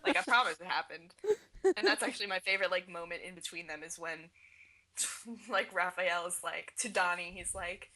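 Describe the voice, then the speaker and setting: A woman's voice: fairly low pitch, moderate pace, background noise. A young woman co-hosting a casual fan podcast, talking enthusiastically and laughing often as she recaps scenes. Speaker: podcast co-host.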